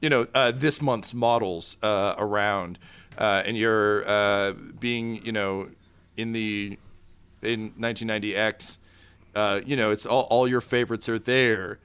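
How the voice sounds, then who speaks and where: Guy running a tabletop game, clear smooth voice, rambles with lots of ums. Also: lowish voice, fairly even intonation, a little slow, fairly bright tone. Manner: rambling, many fillers. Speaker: game master.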